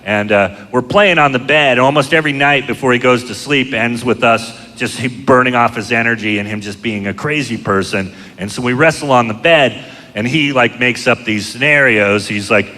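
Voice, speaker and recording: Middle-aged male stand-up, crude and deadpan, bright edgy tone, live club with a long hall echo and a faint crowd. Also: mid-range voice, normal speed. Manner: deadpan, crude, self-mocking storytelling. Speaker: stand-up comedian. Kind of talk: stand-up comedy set. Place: comedy club stage. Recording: live club show, long hall reverb, audience noise. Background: audience laughter.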